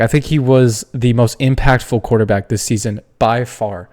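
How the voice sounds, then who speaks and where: A man's voice: medium pitch, steady tone, moderate pace, a little mellow. A man hosting a casual sports tier-list video, ranting with strong opinions and the odd curse. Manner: opinionated, fired-up ranting with cursing. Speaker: podcast host.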